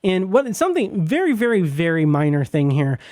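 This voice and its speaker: A man hosting a podcast, reviewing a TV episode in a casual, halting way with lots of fillers and restarts, enthusiastic about what he likes. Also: high-pitched, sing-song, darkish tone, dry recording, clean studio sound.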